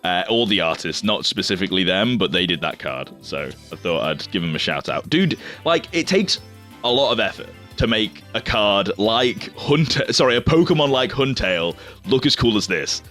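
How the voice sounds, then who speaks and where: A man's voice: lowish voice, big pitch swings, normal speed, fairly bright tone, faint music behind. A young man, chatting casually as he opens trading card packs, rambling, swearing loosely and stumbling over names. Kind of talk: casual unboxing commentary.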